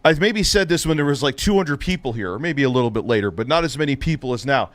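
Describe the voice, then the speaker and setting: A man's voice: medium pitch, animated, fast talker, no room sound. A man hosting a live stream, ranting with heavy profanity and biting sarcasm. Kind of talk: heated live-stream rant.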